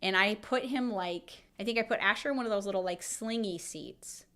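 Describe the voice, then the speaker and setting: A woman in her thirties, a podcast co-host, telling a personal story in casual chat, emotional and lively, quoting her own thoughts aloud. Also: medium pitch, a little fast.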